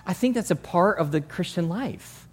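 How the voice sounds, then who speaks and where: Male pastor, sermon, higher-pitched, chatty delivery with loud peaks. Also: lively intonation, normal speed, slightly rough. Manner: conversational, acts out congregants' voices, swings from soft to loud.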